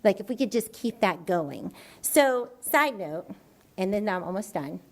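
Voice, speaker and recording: A woman educator telling an animated story in a presentation to a school board, acting out her own quoted reactions. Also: mid-range voice, a little slow. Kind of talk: enthusiastic public presentation. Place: school board meeting room.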